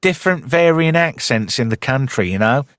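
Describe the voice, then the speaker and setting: A man from the north of England hosts a loose chat, joking and swearing as he goes. His pitch swings a lot, and his voice sits close and dry with no room around it. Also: normal speed, dry recording. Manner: animated, swearing, jokey banter. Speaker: host. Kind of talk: casual chat.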